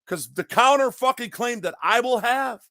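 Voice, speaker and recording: Guy ranting, real worked up and cussing, sharp tone, no room echo. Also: very high voice, expressive, moderate pace, studio quality. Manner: agitated, profane, repetitive ranting. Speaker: online commentator. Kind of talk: unscripted ranting monologue.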